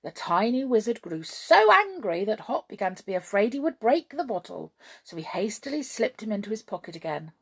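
A woman reading a children's story aloud as narrator, with expressive, lively storytelling. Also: mid-range voice, fairly quick, breathy edge.

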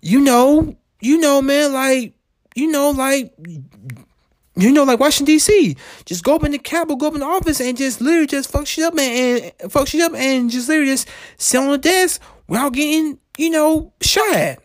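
A woman ranting in a heated, profane way, repeating herself and swinging her pitch up and down. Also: moderate pace, no echo, clean studio sound. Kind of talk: profane personal rant.

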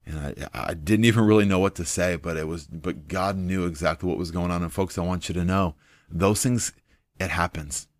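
A man's voice: sits low, fairly even intonation, normal speed, dry recording. A man preaching an informal sermon in an earnest, conversational way, with frequent fillers.

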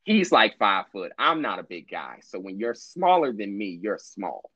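Casual male co-host, low voice, swears, acts out quotes; dry, slightly dull podcast sound. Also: moderate pace, no room sound. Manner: profane, animated storyteller acting out quotes. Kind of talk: casual storytelling chat.

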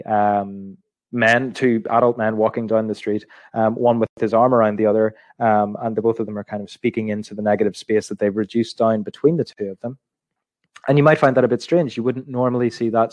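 A young adult man leads an intercultural training session, reflecting aloud and restating his points with plenty of ums. His voice sits on the lower side, and the sound is close and dry with no room echo. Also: darkish tone. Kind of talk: reflective teaching talk to an online group.

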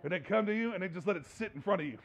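A man's voice: high voice, lively intonation, racing, vocal fry. A man preaching a sermon as a pastor, in a conversational, humorous way, laughing often. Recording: dull lo-fi recording.

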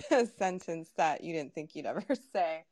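A woman's voice: sits low, lively intonation, normal speed, darkish tone, no echo, studio quality. A young adult woman hosting a podcast in casual chat, laughing often and restarting her sentences. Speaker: podcast host.

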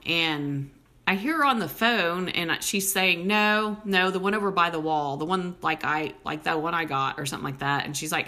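A woman, hosting a podcast and telling stories in a casual, animated way full of "like" fillers. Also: low-pitched. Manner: animated storyteller, many "like" fillers. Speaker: podcast host. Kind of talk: casual chat.

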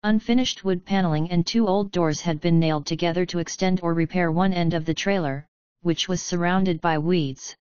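A woman narrating a fan story as an audiobook in an even, measured way, on a slightly dull recording. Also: on the low side, no echo.

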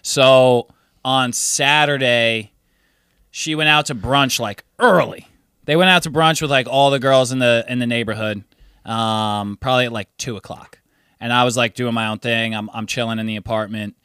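Bright-voiced man telling a wild story. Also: normal speed, clear, resonant tone, no room sound, studio quality. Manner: animated storyteller, swears freely, acts out friends in high voices. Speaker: podcast co-host. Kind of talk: casual storytelling chat.

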